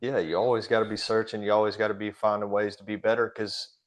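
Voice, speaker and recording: A man's voice: fairly low pitch, little pitch movement, quick pace. A man speaking as a guest in a casual podcast conversation about his business, plainspoken and easygoing. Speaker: guest, pressure washing business owner.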